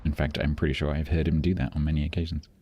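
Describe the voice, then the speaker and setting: A man's voice: rumbling low, flat delivery, very fast, darkish tone. A man streaming a game, chatting casually and musing aloud as he answers viewers' questions. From England.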